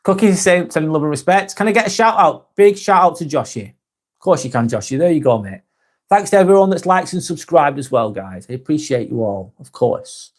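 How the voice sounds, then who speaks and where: A man's voice: on the high side, animated, fairly quick. A man hosting a casual live stream, reading out chat comments in a rambling, sweary, sometimes sarcastic way.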